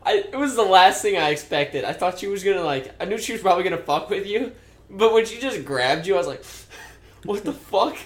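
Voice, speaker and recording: A young man co-hosting a podcast, telling stories in an animated way with swearing and laughter. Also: sits high, fairly quick, echoey room. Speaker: podcast co-host. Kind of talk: casual chat.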